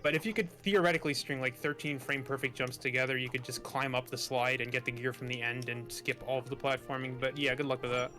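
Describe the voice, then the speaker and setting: A man talks fast and eagerly over his own gameplay, explaining tricks and gushing over things he likes. He sounds like he is on a call mic, with faint game music underneath. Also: mid-range voice. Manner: quick, excitable, gushing. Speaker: speedrunner showing his run. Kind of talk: live commentary over gameplay.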